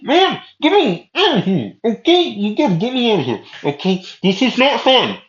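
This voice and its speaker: A panicked young hero pleads to be pulled free, as a man puts him on, his voice jumping high and strained. The sound is muffled and lo-fi, bouncing around a bare, echoey room. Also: very animated, normal speed, a bit bright, full character voice.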